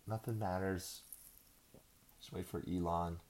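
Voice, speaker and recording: A man's voice: low-pitched, fairly even intonation, a little slow, darkish tone, a little hiss or hum. A man hosting a podcast, ranting casually in a profane, sarcastic, rambling way. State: out of breath. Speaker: podcast host.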